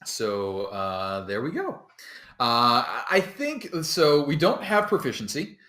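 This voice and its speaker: A man narrating as dungeon master of a tabletop game, relaxed and rambling, often breaking into laughter. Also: mid-range voice, slow, echoey room.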